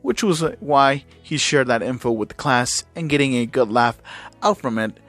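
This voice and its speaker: A man reads a fan-made story aloud at an easy, even pitch, now and then tripping over a word or adding a filler. Soft music plays quietly behind him. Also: moderate pace. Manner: casual, with small slips and fillers. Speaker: channel host reading fan fiction. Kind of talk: casual reading of fan fiction.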